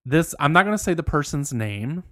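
A man's voice: fairly high pitch, big pitch swings, normal speed, a bit bright, no echo, studio quality. A man co-hosting a casual podcast, blunt, profane and sarcastic. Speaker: podcast co-host.

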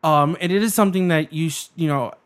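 A man's voice: on the high side, fast talker. Hesitant man chatting casually. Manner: hesitant, many restarts and fillers, laughs often. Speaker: podcast co-host. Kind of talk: casual chat.

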